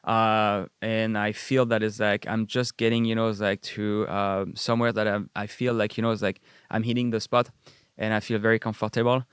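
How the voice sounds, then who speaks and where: A man's voice: lowish voice, little pitch movement, moderate pace, clear, resonant tone, dry recording, studio quality. A man, a guest chatting casually and rambling with many fillers. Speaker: guest chef. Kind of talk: casual chat.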